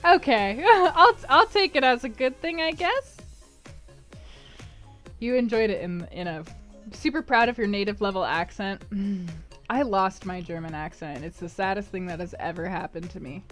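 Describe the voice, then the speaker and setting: A woman's voice: mid-range voice, lively intonation, moderate pace, fairly bright tone, soft background music. A woman streamer chatting casually while she plays, rambling and laughing often. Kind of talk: casual chat while gaming.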